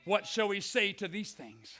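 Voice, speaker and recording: Fervent high-voiced male preacher. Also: lively intonation, normal speed. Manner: swings from hushed to shouted, fervent preaching. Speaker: pastor. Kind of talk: Pentecostal sermon. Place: church sanctuary.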